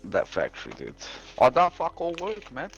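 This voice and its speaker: A man's voice: mid-range voice, wildly swooping pitch, normal speed, vocal fry, muffled recording, soft background music. Swearing Australian man telling a story. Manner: profane, blunt storytelling. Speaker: streamer. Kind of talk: casual storytelling.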